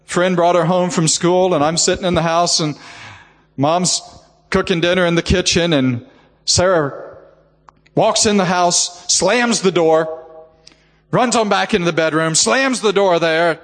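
High-voiced preacher in a reverberant hall. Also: male voice, measured pace. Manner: heartfelt storytelling, repeats "just" often. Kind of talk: sermon.

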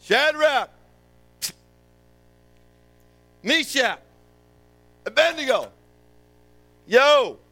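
A man voicing an eager royal servant who calls out loudly to summon people. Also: very high voice, pitched above the performer's own voice, full character voice. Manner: shouting, summoning.

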